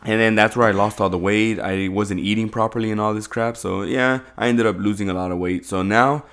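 A man's voice: fairly low pitch, steady tone, fairly quick, fairly bright tone. A young man co-hosting a podcast in casual, slangy chat, swearing freely. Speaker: podcast co-host.

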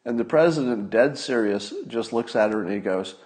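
A man's voice: lowish voice, animated, normal speed, darkish tone. A man hosting a solo podcast, talking casually in a wry manner, with asides and restarts. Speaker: podcast host.

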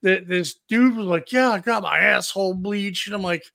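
Casting: man, high gravelly voice, rambling profane storyteller, dry booth sound. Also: normal speed, pushed and bright, no echo. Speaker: podcast co-host. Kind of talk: crude casual storytelling.

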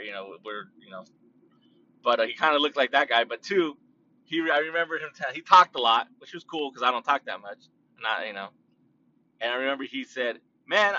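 A man hosting his own podcast, musing aloud in a loose, rambling monologue full of fillers, restarts and long drawn-out words. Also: medium pitch, pushed and bright, recorded from a distance, highs cut off. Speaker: podcast host.

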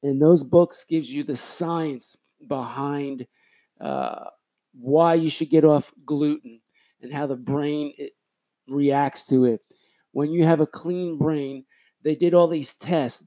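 This solo podcast host has a fairly high, warm voice. He chats casually and wanders from point to point, regularly stopping to correct himself partway through sentences.

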